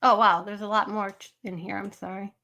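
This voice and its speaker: A woman's voice: mid-range voice, little pitch movement, a little fast, gravelly, sharp tone. A woman hosting a casual live stream, rambling, laughing often and chatting with her viewers.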